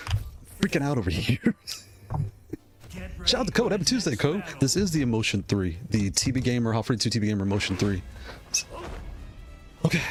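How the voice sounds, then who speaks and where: A man streaming himself in a fighting game tournament, talking nervously and excitedly through each match and repeating himself. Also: mid-range voice. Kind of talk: live gameplay commentary.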